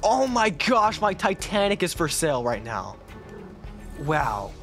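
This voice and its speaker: A young man talks through his gameplay with excitable energy. His voice sits high and jumps around a lot as he laughs and exclaims. Faint music plays underneath. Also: a little slow. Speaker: gaming YouTuber.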